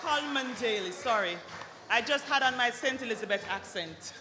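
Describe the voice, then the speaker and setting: A woman hosting an awards dinner, calling up recipients with playful jokes and quick apologies for her slips. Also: fairly high pitch, noisy background. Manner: lively, joking, apologizes for slips. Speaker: awards ceremony host. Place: banquet hall at an awards dinner. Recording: long hall reverb with loud music.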